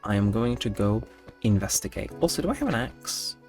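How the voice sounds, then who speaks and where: A man's voice: lowish voice, sing-song, fairly quick, a little mellow, soft background music. A young man telling stories in late-night gameplay commentary, rambling with mock-indignant outbursts. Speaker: gaming channel host.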